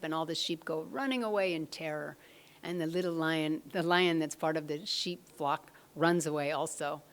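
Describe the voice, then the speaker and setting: Soft-spoken, low-voiced woman giving a devotional talk. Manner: soft, slow, often half-whispered. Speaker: satsang speaker.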